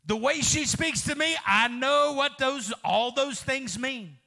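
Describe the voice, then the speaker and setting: High, bright-voiced preaching pastor man. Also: slow pace. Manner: fervent preaching with sudden shouts and soft drops; calls out to congregation. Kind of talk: sermon.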